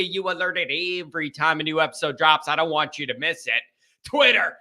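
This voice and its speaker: A man's voice: on the high side, pushed and bright. Hyped young man hosting a fan show. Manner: hyped, jokey, sings a goofy jingle. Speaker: host of a fan call-in show. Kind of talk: energetic casual livestream talk.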